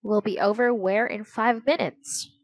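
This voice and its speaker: A woman's voice: medium pitch, fairly even intonation, measured pace, no room sound. A woman reading the part of a teasing, hungry young boy in a storybook, with a lazy, joking delivery.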